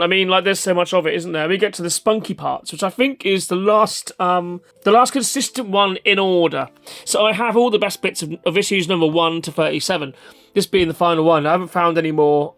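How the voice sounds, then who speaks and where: A man's voice: high-pitched, a bit bright. A man hosting a casual, rambling video review, off-hand and chatty with mild swearing. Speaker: vlog host.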